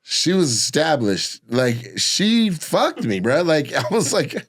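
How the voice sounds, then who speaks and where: A man co-hosting a comedy podcast, telling a story in a crude, animated way with frequent laughter. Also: on the high side, slow pace, slightly rough. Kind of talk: casual chat, storytelling.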